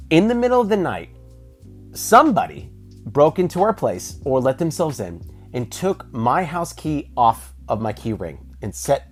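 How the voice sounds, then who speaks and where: A man telling a creepy personal story in a casual, animated way, with some swearing. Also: mid-range voice.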